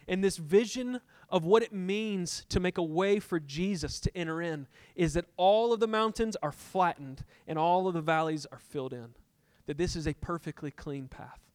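A man's voice: a little high, normal speed, hardly any pauses, a little mellow, dry recording. A middle-aged man preaching a sermon as pastor, telling a personal story and acting out his arguments with God, building to impassioned peaks.

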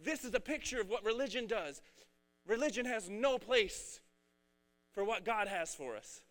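A man preaching a casual, energetic sermon, talking in a rambling, conversational way. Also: high-pitched, normal speed. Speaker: pastor.

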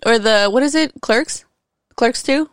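A young woman co-hosting a casual podcast, teasing her partner with quick reactions. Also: a little high, clear, resonant tone, dry recording, studio quality. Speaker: podcast co-host. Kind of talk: casual chat.

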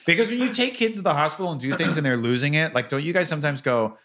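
Bright-voiced man telling family stories. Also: a little high, racing. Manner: animated, acts out quoted voices. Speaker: father. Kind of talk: casual chat, storytelling.

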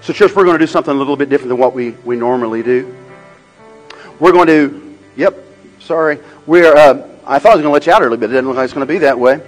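A man preaching a sermon. He swings between loud, rhythmic, repeated phrases and a low, quiet storytelling tone, over faint music. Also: fast talker, poor audio. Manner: swells into loud, rhythmic repetition. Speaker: pastor.

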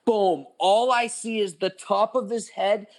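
A man's voice: high-pitched, fairly even intonation, a little slow. A man in his twenties, a podcast co-host, telling a long story in casual chat, rambling with lots of "like" and swearing.

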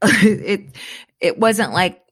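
A woman hosting a podcast, telling stories in a rambling, animated way and acting out what people said. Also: medium pitch, very slow. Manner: rambling, animated storyteller who acts out quotes. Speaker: podcast host. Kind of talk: casual chat.

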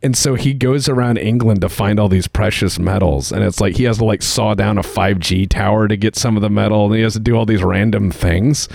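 Lowish gravelly guy riffing on a podcast, very lively, dry mic. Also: brisk, few pauses, no room sound. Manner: animated, joking storyteller. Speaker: podcast co-host. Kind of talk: casual chat.

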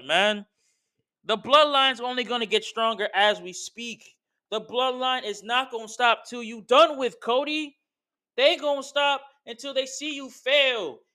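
Bright, high-voiced man ranting. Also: normal speed, clean tone. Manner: slangy, heated, talks straight to wrestlers and fans. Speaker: podcast host. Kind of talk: casual wrestling commentary rant.

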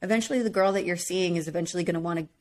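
Talking very fast in a fairly low, darkish voice, this podcast co-host recaps a reality show in casual chat. She's chatty, says "like" constantly, and laughs a lot.

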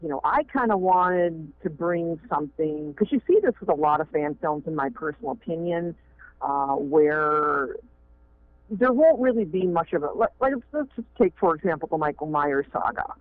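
A man's voice: a little high, expressive, normal speed. A man, a fan film director, talking in a rambling way with many fillers and restarts. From Maine. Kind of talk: casual interview talk. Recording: muffled phone line.

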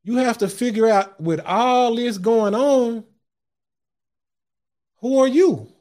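High-voiced man preaching self-improvement. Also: takes it slowly, a little mellow. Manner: impassioned, repeats words when starting a thought; addresses listeners directly as guys and family. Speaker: podcast host. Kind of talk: motivational sermon-style talk.

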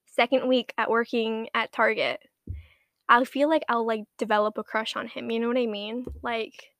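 A woman's voice: a little high, steady tone, moderate pace, fairly bright tone, dry recording. A young woman in a casual monologue to the camera, rambling and self-mocking, swearing constantly and dropping into whispers for asides.

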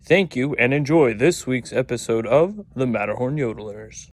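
A man's voice: medium pitch, animated, moderate pace, lightly acted. A man doing a theme-park bobsled ride announcer. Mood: mock-official. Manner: mock-official, safety-warning delivery. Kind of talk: scripted intro announcement.

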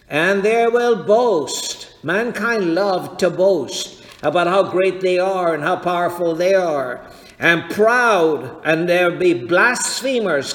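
A man preaching a sermon in a church, slow and deliberate, checking that his congregation follows. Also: sits high, a bit bright. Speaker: pastor. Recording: echoey hall with long reverb.

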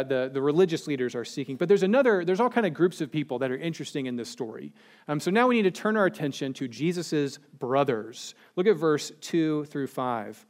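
A man preaching a sermon verse by verse, with dry sarcastic humor and animated emphasis. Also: fairly high pitch. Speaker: pastor.

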